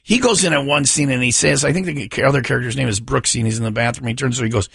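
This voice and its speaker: A man's voice: mid-range voice, rapid-fire, vocal fry, fairly bright tone, husky, no room sound, clean studio sound. A man hosting a morning radio show, telling rambling, self-mocking stories in casual banter.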